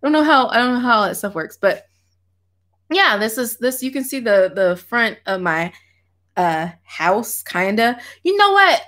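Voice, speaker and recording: Woman, livestream host, slangy, animated, lots of laughs, higher voice. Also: unhurried. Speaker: doll artist chatting with livestream viewers. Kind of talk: casual livestream chat. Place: home office.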